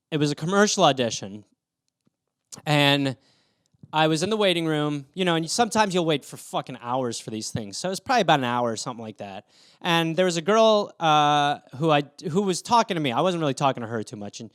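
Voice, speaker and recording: A podcast host in his thirties rambles through casual stories, swearing freely, throwing in crude asides and acting out the people involved with shifting voices. His voice is a little high, smooth and somewhat bright.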